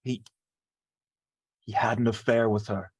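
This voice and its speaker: A man's voice: lowish voice, fairly even intonation, measured pace, darkish tone, breathy edge. A man playing a tabletop role-playing game, often speaking in character and stammering and repeating words as he thinks aloud. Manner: stammering, repeats words while piecing things together. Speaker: player.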